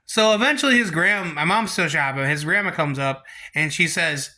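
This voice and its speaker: Young man, high voice, bright tone, rambling storytime vlog, animated and full of restarts. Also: normal speed, hardly any pauses. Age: young adult. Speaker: storytime vlogger. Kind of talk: casual storytelling to camera.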